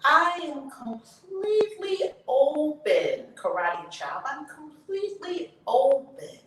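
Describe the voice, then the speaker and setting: A woman hosting her channel, leading a guided tapping session with slow, drawn-out chanted affirmations that turn breathy and emphatic. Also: high voice, very animated. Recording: echoey room, distant mic, faint noise.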